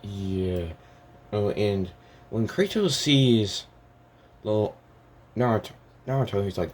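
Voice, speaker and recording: A man's voice: on the low side, animated, slow pace, pauses often, darkish tone. A man casually talking through a story idea, hesitant and rambling, full of restarts and fillers.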